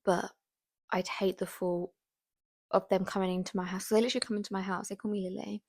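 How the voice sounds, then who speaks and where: A woman in her twenties chatting casually to camera. She rambles along with many fillers and often drops into a soft whisper. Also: mid-range voice, flat delivery, quick pace, gravelly, no room sound, studio quality. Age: 20s. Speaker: vlogger.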